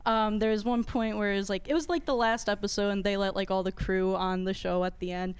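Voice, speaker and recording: A woman's voice: mid-range voice, steady tone, a little fast, clean tone. Bubbly, giggly young woman director. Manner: giggly, bubbly, filler-heavy. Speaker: guest film director. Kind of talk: casual interview chat.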